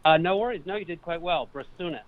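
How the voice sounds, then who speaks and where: A man's voice: a little high, fast, crowd noise. Man guest on a tinny phone line. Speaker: author, guest caller. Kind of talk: phone interview.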